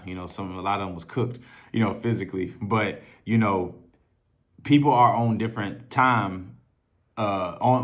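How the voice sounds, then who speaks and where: A man in a casual, profane storytelling monologue, talking loosely and conversationally as a self-improvement coach. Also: on the low side. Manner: loose, profane and conversational, acting out others' voices.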